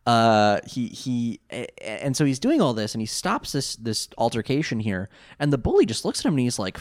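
Laughing, animated man in casual chat. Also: medium pitch, fairly quick, few pauses. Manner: laughing often, profane, rambling. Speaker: podcast co-host. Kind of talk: casual chat recapping a cartoon.

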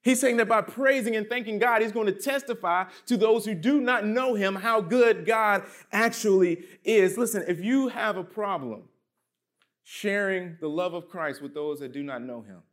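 A pastor preaches a sermon, reading scripture and driving home his points with emphatic drops in pitch and volume. He speaks at a moderate pace, and his voice is a bit bright.

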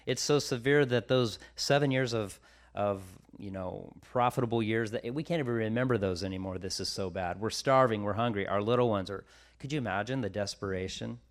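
A man's voice: lowish voice, brisk. A man preaching a sermon, reading scripture and retelling it in casual everyday slang.

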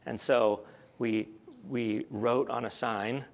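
A middle-aged male pastor speaks slowly in a mid-range voice with vocal fry and fairly even intonation. Preaching in a storytelling way, he still climbs to emphatic peaks and drops soft again, often repeating words while thinking aloud.

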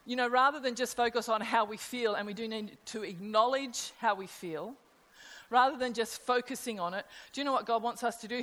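A middle-aged woman with a medium-pitched, slightly bright voice preaches a sermon conversationally, putting rhetorical questions to her listeners, her voice carrying a long hall reverb.

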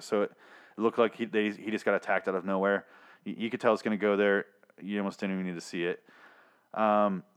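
A man's voice: lowish voice, smooth. Profane, exasperated man recapping a TV episode. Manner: profane, exasperated ranting with frequent fillers. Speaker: TV episode reviewer. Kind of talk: casual recap monologue.

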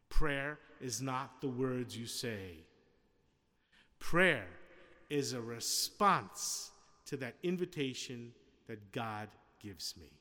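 Delivering his sermon in a bright, forceful mid-range voice, a preacher keeps it conversational, asking the congregation questions and acting out little scenes with quotes. His voice carries a long reverb tail.

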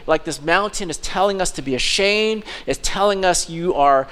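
A man preaching a sermon as pastor, fervent and urgent, dropping into soft mocking asides. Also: sits high, expressive, normal speed, hardly any pauses.

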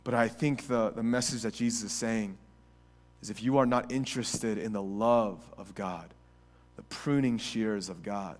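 A male preacher with a lowish voice keeps a steady tone and moderate pace. Even so, his sermon ranges from reflective quiet to fervent, nearly shouted passages, with frequent repetitions and restarts.

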